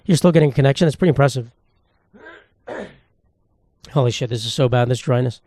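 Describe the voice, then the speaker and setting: A man's voice: medium pitch, a little fast, warm tone, dry recording, clean studio sound. A man in his twenties hosting a solo podcast, rambling with crude, self-mocking humor. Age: 20s. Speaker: podcast host. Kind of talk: casual solo podcast monologue. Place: indoor room, at a table.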